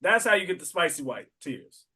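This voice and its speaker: A man's voice: sits high, fairly quick, fairly bright tone. A man hosting a podcast, joking and rambling in a playful, casual way. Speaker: podcast host.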